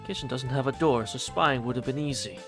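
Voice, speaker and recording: A male streamer reading a visual novel aloud and reacting casually, animated and swearing freely while he talks to chat. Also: mid-range voice, fairly quick, music in the background.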